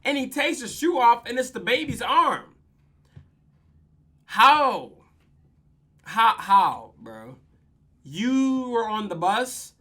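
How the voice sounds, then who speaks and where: Young man, podcast host, casual recap, animated storyteller, slangy and profane, crisp bright tone. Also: very high-pitched, measured pace, hardly any pauses.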